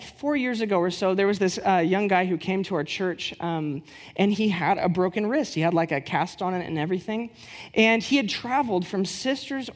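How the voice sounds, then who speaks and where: Chatty woman teaching about healing. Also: mid-range voice. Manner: lively storyteller who acts out quoted dialogue; conversational, with fillers and rhetorical questions. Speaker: church teacher.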